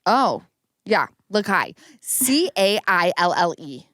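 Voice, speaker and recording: A woman hosting a podcast in casual chat, giggly and animated as she tells stories. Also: fairly low pitch, slow, no echo, studio quality. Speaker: podcast host.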